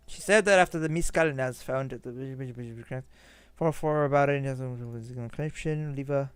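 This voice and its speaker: A man's voice: medium pitch, a little slow, smooth, no room sound, close to an everyday voice. Man putting on a German-accented engineer. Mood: explaining. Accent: German (put on). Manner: reads game dialogue aloud in a put-on accent. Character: male engineer with a German accent, eager and technical.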